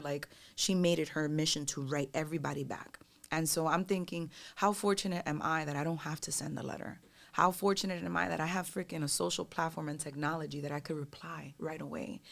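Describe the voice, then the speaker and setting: A woman, a singer guest on a podcast, telling stories in a casual, animated and profane way, acting out the voices of others. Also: low-pitched, creaky. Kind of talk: casual storytelling chat.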